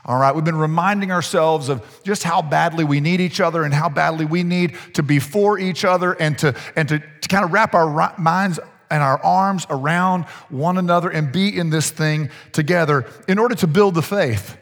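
Man, pastor preaching, chatty storytelling sermon, fairly high voice, long church-hall reverb. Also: moderate pace, a bit bright. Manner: conversational storytelling, asks the congregation questions. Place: church sanctuary.

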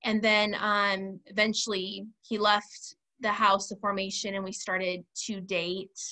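A woman's voice: mid-range voice, little pitch movement, a little slow, sharp tone. A woman, a podcast guest, earnestly and reflectively recounting a personal story in casual conversation.

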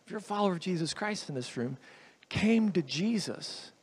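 A man's voice: sits high, animated, moderate pace, breathy edge. A man preaching a sermon as a guest speaker in a church, earnest and emphatic, repeating his phrases for weight. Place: church hall with a congregation.

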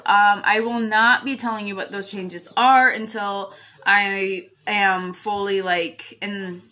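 A woman's voice: on the high side, fairly bright tone. A woman hosting a casual solo podcast from her bedroom at home, rambling and chatty, swearing freely and laughing often. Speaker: podcast host. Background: puppies crying.

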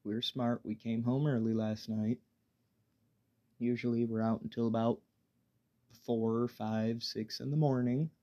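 A man hosting a casual solo podcast while high, rambling in a laid-back way, swearing freely and stammering through restarts. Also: flat delivery, measured pace, long pauses, mellow, highs cut off. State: high on weed. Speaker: podcast host.

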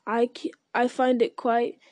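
A woman's voice: on the high side, monotone, a little slow, a little mellow, dry recording, lightly acted. A woman voicing a bold, alert young male hobbit who bargains in a cool, matter-of-fact way in an audiobook reading. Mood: cool, bargaining.

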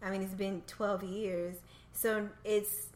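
A woman's voice: mid-range voice, flat delivery, slow pace, darkish tone. A woman in her thirties, a podcast co-host and new mother, chatting casually with many fillers and easy laughter. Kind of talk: casual chat.

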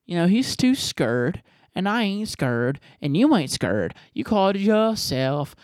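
A man's voice: high voice, big pitch swings, a little slow, no room sound, clean studio sound. A man hosting a podcast, answering voicemails in a rambling, profane, jokey way. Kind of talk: casual podcast chat.

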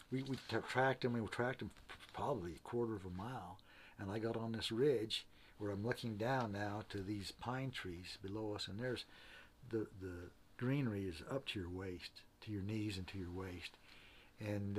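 Earnest low-voiced man telling a story. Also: steady tone, a little hiss or hum. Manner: halting, often repeats and restarts words. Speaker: interview guest. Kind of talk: casual spoken storytelling.

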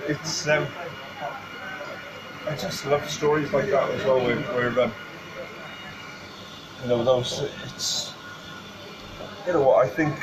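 A man's voice: mid-range voice, background noise. A man, a podcast guest, telling stories in a chatty way with lots of fillers and restarts. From Wales. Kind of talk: casual chat. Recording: crowd chatter behind.

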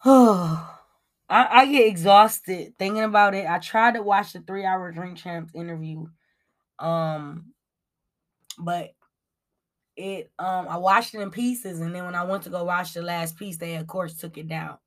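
In an unhurried, low-leaning voice, a woman hosts a relaxed celebrity gossip commentary, bluntly reading from her notes with plenty of ums. She swears freely and refers to her viewers as y'all.

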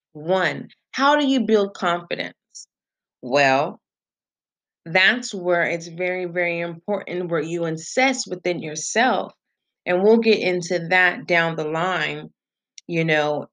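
A woman's voice: lowish voice, a bit bright. A woman hosting her own podcast, talking through a solo motivational monologue in an earnest, emphatic way, repeating key phrases and dropping in conversational asides. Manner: conversational, with many "you know" and "okay?" asides. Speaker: podcast host.

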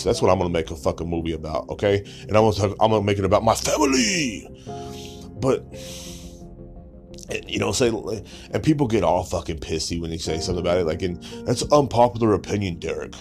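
Low voiced guy ranting on his podcast, cussing nonstop, sarcastic and mocking, faint music under it. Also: a little mellow. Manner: crude, sarcastic, mocking, swears constantly. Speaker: podcast host. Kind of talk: profane comedic rant.

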